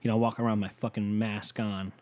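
A man's voice: on the low side, flat delivery, fast talker, a little mellow. A man hosting a podcast, ranting casually in a heated, sarcastic, profane way and rambling through stories with lots of filler words. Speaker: podcast host.

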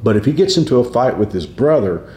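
A man's voice: medium pitch, big pitch swings, fast, warm tone, reverberant, a little hiss or hum. A male pastor talking through a devotional topic in a reflective, conversational way, with restarts and small laughs.

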